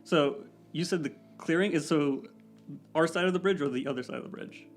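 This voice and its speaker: A man's voice: fairly high pitch, fairly quick, faint music behind. A man playing a tabletop game, talking casually and joking with the group. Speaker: player.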